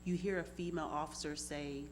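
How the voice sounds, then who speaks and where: A woman, niece of the man she speaks about, recounting events in close detail in an interview, steady and deliberate. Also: sits low, slight background noise, low-quality recording. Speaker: family member telling her account.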